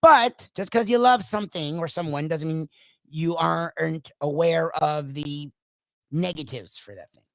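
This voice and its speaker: A hoarse man hosting a sports talk show alone, ranting emphatically in a loud, opinionated monologue. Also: a little high, a little slow, dry recording, low-quality recording. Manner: opinionated, swings between loud bursts and quiet asides. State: hoarse from coaching. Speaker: sports radio host.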